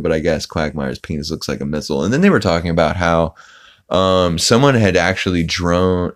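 A man hosting a podcast who recaps a cartoon episode in a casual, rambling way, with lots of ums and restarts as he quotes scenes. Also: low-pitched. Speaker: podcast host.

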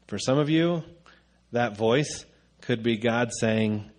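A man's voice: mid-range voice, slow pace, a little mellow. A man preaching a conversational sermon, casual and rambling with frequent filler sounds.

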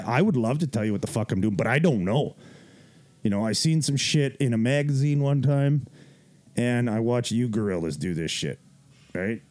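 A man casually telling a gym story on a podcast, swearing freely, laughing and acting out what people said. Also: medium pitch. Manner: profane, laughing, animated retelling with quoted voices.

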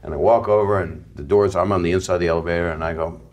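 A man's voice: low voice, fairly even intonation, racing, darkish tone. A man casually telling a rambling comic anecdote as a talk show guest. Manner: rambling, laughing storyteller. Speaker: comedian guest.

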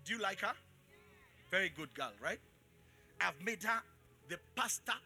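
A man preaching a live sermon to his congregation as pastor, calling out for responses and switching between shouts and quiet asides. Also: high-pitched, lively intonation, normal speed, faint music behind. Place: church in front of a congregation.

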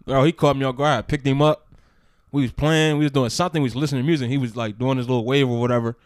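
A young man co-hosting a casual podcast chat, laid-back and rambling, often dropping to a low mutter. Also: steady tone, very fast, dry recording, clean studio sound. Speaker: podcast co-host.

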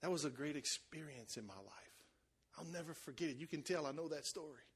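A man preaching a sermon, telling a lively story and acting out the voices of the people in it, with shouts at the high points. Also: fairly quick, breathy edge. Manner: animated, acts out voices, shouts at peaks. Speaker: pastor.

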